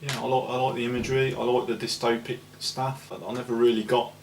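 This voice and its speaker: A man co-hosting a casual album review, rambling with many pauses and ums. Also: medium pitch, flat delivery, creaky. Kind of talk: casual chat. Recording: echoey room with faint noise.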